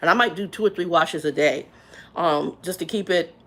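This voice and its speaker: Chatty woman livestreaming, gravelly voice. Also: on the low side, moderate pace. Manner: talkative, rambling, greets viewers warmly by name; Southern-style slang, "y'all". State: congested from sinus drainage. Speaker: livestream host. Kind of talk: casual livestream chat.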